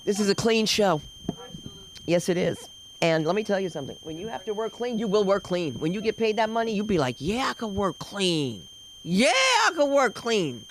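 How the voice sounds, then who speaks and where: A middle-aged woman doing stand-up at an open mic, telling loud, animated stories with sudden shouts. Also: mid-range voice, fairly quick, a little hiss or hum, low-quality recording. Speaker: stand-up comic. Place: comedy club stage.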